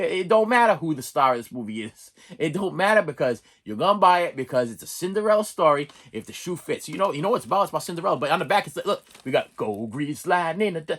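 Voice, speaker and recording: A middle-aged man rambles through a casual review, his pitch leaping up and down. He is jokey and animated, with a slightly high voice, and he stumbles over restarts as he goes. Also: fast talker, husky. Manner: jokey, breaks into off-key singing and impressions. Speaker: movie collection reviewer.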